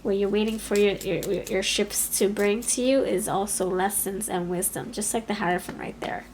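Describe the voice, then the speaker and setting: A woman giving a pick-a-card tarot reading in an expressive, chatty way, talking aloud to Spirit as she goes. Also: medium pitch, moderate pace, slight background noise, poor audio. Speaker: tarot reader.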